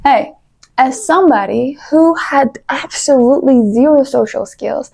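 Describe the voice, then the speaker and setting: Young female vlogger, high pitch, lively advice-giving talk with playful asides. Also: a little slow, gravelly. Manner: animated, coaching, playful asides. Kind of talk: casual advice talk to camera.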